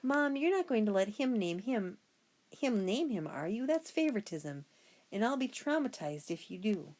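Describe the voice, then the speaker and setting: A woman's voice: medium pitch, big pitch swings, moderate pace, a little mellow, pitched above the performer's own voice, natural voice. A woman voicing a sarcastic, complaining older boy in a storybook reading.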